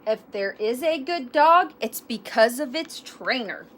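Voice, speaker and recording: A woman's voice: a little high, lively intonation, measured pace, a bit bright. A woman voicing a fussy mother cat who speaks emphatically and dramatically. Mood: emphatic.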